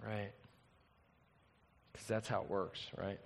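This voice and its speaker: A male pastor preaching a sermon, an animated storyteller who swings from loud to hushed. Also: medium pitch, brisk, in a large hall.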